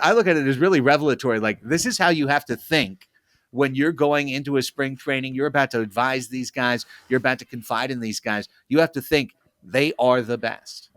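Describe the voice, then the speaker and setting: A man's voice: medium pitch, brisk, fairly bright tone, no echo. Male podcast co-host, dry sound. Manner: storytelling, reasoning aloud. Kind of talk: casual podcast chat.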